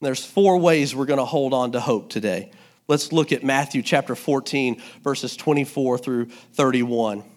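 A man with a notably high voice preaches at church, speaking into a handheld mic. His delivery is animated and lively, and he playfully acts out the voices in his stories. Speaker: pastor. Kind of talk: sermon.

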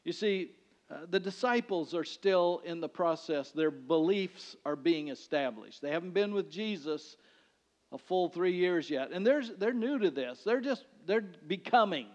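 A male pastor preaching a sermon in a conversational way, swinging between loud declarations and hushed lines. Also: high-pitched, animated, a little slow. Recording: dull sound with long hall reverb.

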